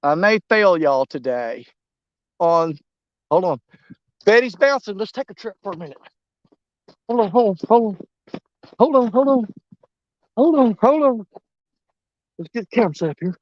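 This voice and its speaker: A man narrating a fishing trip on a snowy riverbank in a folksy, excitable way, talking straight to his viewers. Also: high voice, normal speed, pauses often, no echo, muffled recording. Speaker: fishing vlogger. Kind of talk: casual outdoor commentary.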